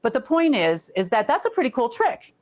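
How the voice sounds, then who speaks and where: A woman telling a long, rambling story casually, full of fillers and lively put-on voices. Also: a little high, fairly quick. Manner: rambling, filler-heavy, slips into animated impressions. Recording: dull lo-fi recording.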